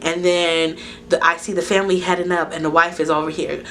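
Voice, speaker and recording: A woman with a fairly low voice tells a casual storytime straight to her camera, animated and full of swearing. She jumps into the voices of the people in her story as she goes. A faint hum sits under the recording. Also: a little fast. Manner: animated, profane retelling that acts out dialogue. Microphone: camera recording to SD card.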